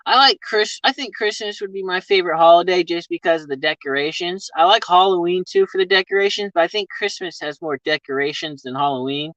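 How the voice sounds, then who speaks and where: A man's voice: high-pitched, brisk, few pauses, a bit bright, no room sound. A man chatting with viewers on a casual live stream, rambling, swearing freely and laughing often, talking from his vehicle. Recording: dull lo-fi stream audio.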